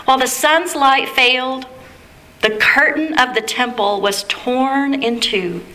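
A woman reads scripture aloud in a measured, reverent way, as a liturgical lesson. Her voice sits a little high and rings bright and clear. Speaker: scripture reader. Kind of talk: liturgical Bible reading.

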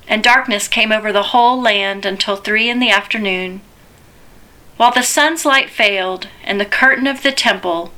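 A woman giving a measured, deliberate liturgical Bible reading as a scripture reader. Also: medium pitch, bright, forceful tone.

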